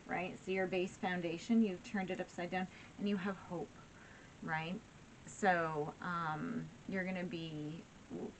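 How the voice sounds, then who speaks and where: Woman tarot reader, low-pitched, encouraging and chatty, noisy recording. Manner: warm, encouraging, full of "right?" and "okay?". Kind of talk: casual tarot reading to viewers.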